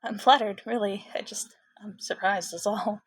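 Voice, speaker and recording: A woman voicing a shy, brainy young male mutant turtle in a fan fiction reading, talking softly and modestly with hesitant pauses. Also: mid-range voice, steady tone, breathy edge, lightly acted. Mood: shy, gentle.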